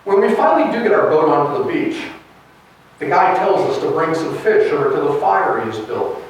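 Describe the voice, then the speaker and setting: A man's voice: a little high, very animated, brisk, a little hiss or hum. A man preaching a sermon as pastor, retelling a gospel story in a storytelling way. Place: church sanctuary. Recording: echoey church from a distance.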